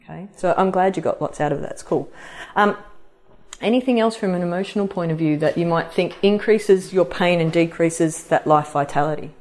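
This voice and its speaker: A woman's voice: lowish voice, brisk. A middle-aged woman hosting a podcast, talking casually to an audience and acting out quoted voices. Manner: chatty, animated, acts out quoted voices. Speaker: podcast host and practitioner. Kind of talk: casual live talk to an audience.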